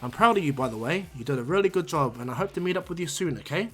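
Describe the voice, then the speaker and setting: A man voicing a calm, proud, all-powerful male overseer of the multiverse in a fan-made anime story, speaking low and gently. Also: fast talker, husky, faint music behind. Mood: calm, kindly.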